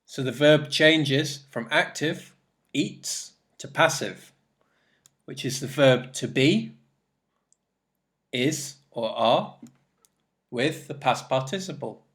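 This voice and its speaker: Slow, deliberate male English teacher. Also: mid-range voice, a bit bright. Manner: slow, deliberate explaining with repeated examples. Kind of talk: recorded grammar lesson.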